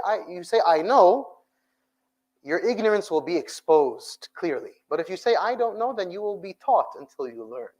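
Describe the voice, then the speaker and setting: A man delivers a sermon, his voice sitting slightly high. He talks with animation, pressing his listeners with rapid rhetorical questions. He slips phrases into his English. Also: low-quality recording. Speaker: sheikh giving a talk to young people.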